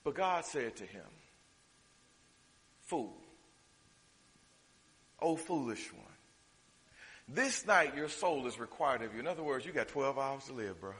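A man preaching a sermon, swinging from loud, drawn-out declarations to hushed, quick asides. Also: mid-range voice, expressive. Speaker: pastor. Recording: reverberant hall.

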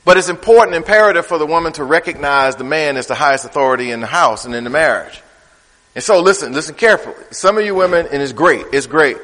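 A man preaching a sermon in a conversational style, swinging from loud, high bursts to low, quiet asides. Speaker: pastor. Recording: reverberant hall.

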